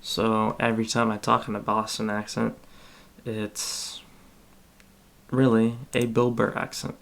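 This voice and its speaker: A man hosting a podcast live stream, chatting casually and thinking aloud in a halting way while he browses. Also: fairly low pitch, little pitch movement, creaky, a bit bright. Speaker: podcast host.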